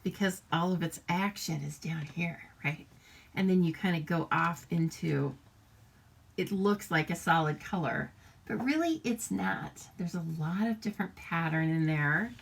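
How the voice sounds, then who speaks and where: An American woman chats through a live papercraft demo, greeting viewers by name and laughing a lot. Her voice sits lowish, with a measured pace, vocal fry and a breathy edge, in the easy tone of a casual craft stream.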